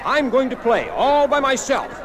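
A man's voice: a little high, moderate pace, over a noisy crowd, voice pushed up, natural voice, rough recording. A man voicing a proud, vain male violin in a children's story, speaking grandly and self-importantly. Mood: boastful. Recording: music playing behind.

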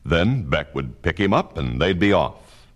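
A man narrating a frontier tale in a steady, vivid storytelling voice. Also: deep voice, a little slow.

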